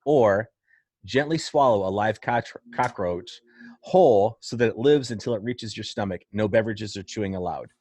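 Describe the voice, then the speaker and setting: A man's voice: on the low side, moderate pace, darkish tone, dry recording. A middle-aged man from Illinois hosting a casual podcast interview, asking questions in an upbeat, jokey way. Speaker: podcast host.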